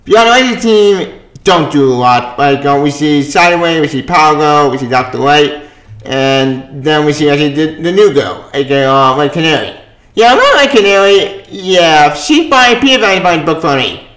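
A man's voice: a little high, expressive, normal speed, fairly bright tone, roomy sound. A man giving a casual spoken comic book review. He rambles, sounds exasperated and swears often.

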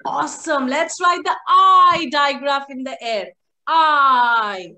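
Very high-voiced, bright woman teacher. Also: slow. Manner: animated, coaxing, sing-song prompts to children. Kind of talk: online phonics class for young children. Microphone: video call.

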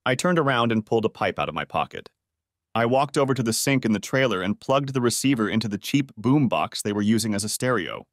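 A man's voice: medium pitch, lively intonation, quick pace, no echo, clean studio sound. A man narrating a first-person story of betrayal in a dramatic, wounded manner.

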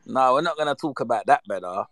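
A man, chatting casually and reminiscing with lively slang, acting out the voices in his stories. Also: mid-range voice, quick pace, no echo. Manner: animated, slangy, acts out quoted voices. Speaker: storyteller.

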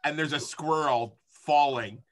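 A jokey, excitable player talking through a tabletop game. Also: medium pitch, unhurried, raised voice, heavy background noise. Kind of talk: casual tabletop game play.

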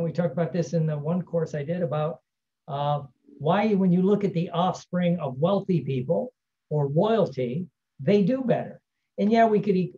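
A man talks through a self-help lesson in a casual, rambling way, checking in with "right?" again and again. His voice sits fairly high and sounds mellow. The recording is dull and lo-fi. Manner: rambling, frequent "right?" tag questions. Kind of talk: casual teaching monologue.

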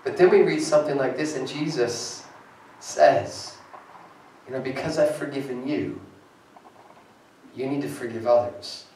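A man's voice: mid-range voice, unhurried, long pauses, warm tone, a little hiss or hum. A man preaching a sermon as pastor, earnest and rising to emphatic peaks as he reads scripture aloud. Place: church sanctuary. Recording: echoey hall from far off.

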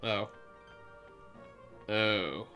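A man's voice: lowish voice, very slow, pushed and bright, soft background music. A man hosting a let's play, chatting casually while he plays and rambling through stories with lots of fillers. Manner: rambling, filler-heavy storytelling. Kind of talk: casual gameplay chat.

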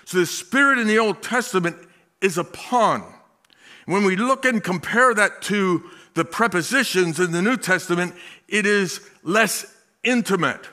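Bright-voiced man preaching. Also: high-pitched. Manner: folksy asides with chuckles; slow, drawn-out delivery with emphatic swells. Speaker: pastor. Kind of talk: sermon.

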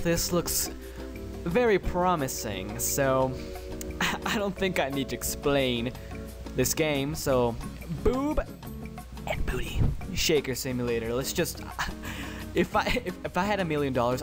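A man hosting let's play commentary, excitable, cursing freely and yelping when startled. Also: fairly high pitch. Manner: excitable, swears a lot, yelps when startled. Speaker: gaming channel host.

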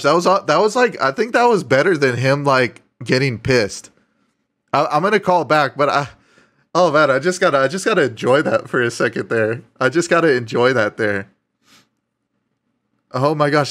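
A man streaming a scam-baiting call, excitable and swearing freely as he laughs and gushes. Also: on the high side, moderate pace. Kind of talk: casual streamed prank call.

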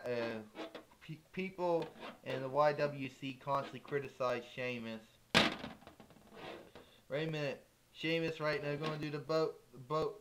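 Slow, stumbling amateur wrestling commentator. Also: male voice, mid-range voice, noisy background. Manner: stumbling, restarts words, gets excited. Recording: loud music behind the voice.

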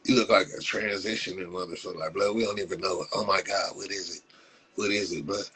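Raspy, forceful Los man roasting viewers. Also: low-pitched, fairly even intonation, brisk, rough recording. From Compton, Los Angeles. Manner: profane, mocking roasts of viewers with frequent laughs. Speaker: live stream host. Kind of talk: casual live stream chat.

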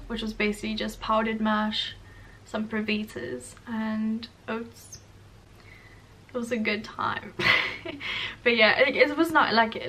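A woman's voice: mid-range voice, pushed and bright, far from the mic, a little hiss or hum. A young woman from South Africa with a South African accent, chatting casually and self-mockingly in a vlog, laughing often. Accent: South African English. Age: young adult. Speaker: vlogger.

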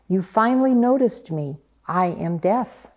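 A woman voicing a calm, kindly male figure of Death in a storybook reading, soft and patient. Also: mid-range voice, measured pace. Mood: gentle.

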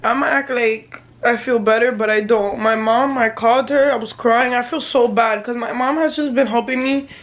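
A woman's voice: on the high side, fairly even intonation, moderate pace, hardly any pauses. A young woman vlogging casually from her bedroom, chatty and slangy, talking straight to her viewers. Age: young adult. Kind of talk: casual vlog chat to camera. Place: bedroom at home.

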